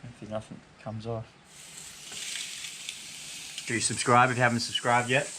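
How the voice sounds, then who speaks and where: A man's voice: mid-range voice, level tone, moderate pace, noisy background. A man hosting a vlog, talking casually and brashly through a cooking demonstration outdoors at a barbecue. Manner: brash and easygoing, mild swearing. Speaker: vlog host.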